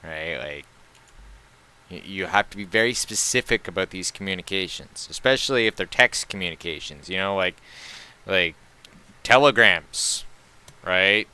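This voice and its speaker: A man's voice: deep voice, normal speed, pauses often, pushed and bright, clean tone. A man chatting casually as a live streamer, jokey and rambling, often breaking into laughter.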